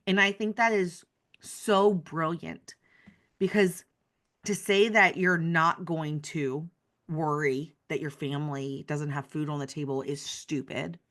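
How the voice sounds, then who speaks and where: A woman hosting a candid interview podcast, speaking in a low register. She is warmly enthusiastic and affirming toward her guest. Her talk wanders with many "like" fillers as she works out her thoughts. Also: steady tone, slow pace. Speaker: podcast host.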